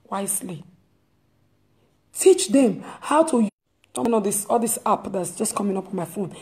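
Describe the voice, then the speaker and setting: A woman's voice: mid-range voice, moderate pace, mellow. A woman, hosting her own talk and preaching emphatically to her listeners, repeating phrases as she drives her point home. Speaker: host. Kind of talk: impassioned preaching monologue.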